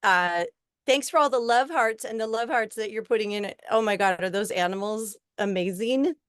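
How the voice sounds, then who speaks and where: A woman's voice: mid-range voice, moderate pace, a bit bright, dry recording, clean studio sound. A woman musician chatting as an interview guest, checking her sound and laughing easily. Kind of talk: casual interview chat.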